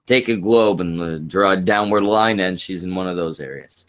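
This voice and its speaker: A man speaks in a casual online chat stream with a very deep, low voice. He teases the others in a slow, hesitant way. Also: a bit bright.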